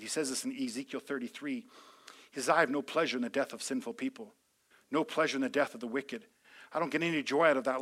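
A pastor with a medium-pitched voice preaches to a live congregation in a large room, speaking to them directly and calling for their responses. His delivery builds from calm teaching into loud, impassioned preaching.

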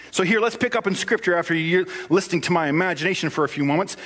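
A man's voice: sits high, racing, hardly any pauses, fairly bright tone. A man preaching a sermon, telling the story in a playful, conversational way.

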